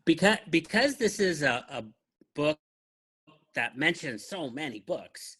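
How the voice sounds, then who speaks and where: A man hosting a podcast, chatting in a relaxed, thoughtful way about books he shows to a co-host. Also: fairly high pitch, unhurried, husky. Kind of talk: casual book chat.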